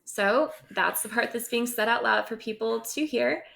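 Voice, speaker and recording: Gravelly woman teacher explaining a lesson. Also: fairly high pitch, normal speed, a bit bright. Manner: explanatory, checks in with "right?" often. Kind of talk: recorded grammar lesson over slides.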